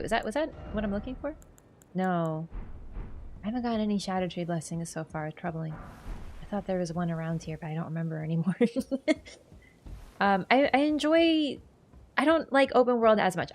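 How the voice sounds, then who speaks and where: A woman's voice: mid-range voice, darkish tone. Chatty young woman streaming games. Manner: chatty, playful, reading chat aloud. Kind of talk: casual live-stream chat.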